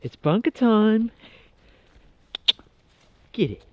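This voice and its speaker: A man talks casually to his camera while out walking outdoors. His voice sits slightly high, and he is chatty and quick to laugh. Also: dull audio. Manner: chatty, laughs often, excitable with the dog. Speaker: outdoor vlogger. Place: outdoors in a park and golf course.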